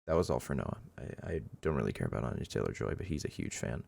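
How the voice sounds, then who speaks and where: A young man co-hosting a podcast, talking casually in an even, laid-back way. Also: a bass voice, vocal fry, no room sound, clean studio sound. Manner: laid-back, even-toned, fills pauses with um and uh. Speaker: podcast co-host. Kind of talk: casual chat.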